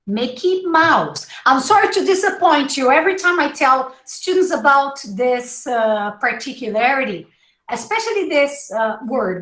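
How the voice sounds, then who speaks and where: A woman teaching English pronunciation in a live online class, slowly modeling each word and repeating it. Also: on the high side, big pitch swings, fairly bright tone, reverberant, rough recording. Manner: slow, drawn-out modeling of words with repetition.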